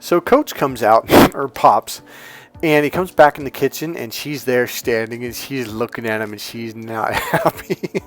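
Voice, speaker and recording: A man's voice: medium pitch, measured pace, faint music behind. A man telling a story and acting out the people in it as a dating coach. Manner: animated, acts out the people in the story. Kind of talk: storytelling to camera.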